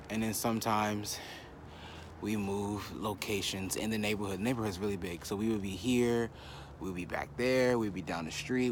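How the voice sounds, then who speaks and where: A man's voice: lowish voice, slight background noise. Breathless young man cutting a backyard promo. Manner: boastful, trash-talking. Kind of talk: wrestling promo vlog. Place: outdoors in a backyard.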